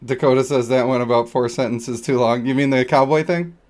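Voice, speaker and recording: A man's voice: mid-range voice, steady tone, a little fast, a little mellow. A man streaming a video game, chatting casually in a rambling, joking, self-deprecating way. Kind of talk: casual live-stream chat over gameplay.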